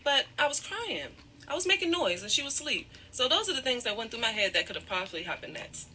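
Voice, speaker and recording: A woman with a bright, forceful voice recounts a painful story while close to tears. She keeps apologizing and steering herself back with "however" as she digresses. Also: fairly high pitch, sing-song, fast, slight background noise. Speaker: guest telling her side of a breakup. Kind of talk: emotional personal storytelling.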